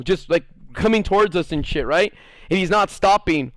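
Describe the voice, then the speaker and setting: A man's voice: high voice, animated, moderate pace, no room sound, studio quality. Rambling, laughing man telling a story. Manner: rambling, laughs often, curses, many "like" fillers. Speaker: streamer. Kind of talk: casual storytelling to a live chat.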